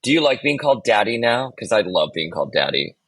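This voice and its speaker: A man with a raspy, husky voice chats playfully as a podcast co-host. His tone is bright and forceful, and his pitch swings widely as he teases the others. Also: sing-song, fast talker, no room sound. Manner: playful, teasing. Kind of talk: casual chat.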